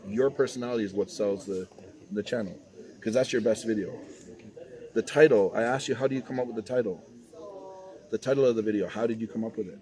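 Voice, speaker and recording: A man's voice: on the low side, fast, long pauses, mellow. A man coaching a beginner on making videos, talking directly and encouragingly. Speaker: YouTube coach giving advice. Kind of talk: casual coaching chat. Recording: crowd noise behind. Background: crowd.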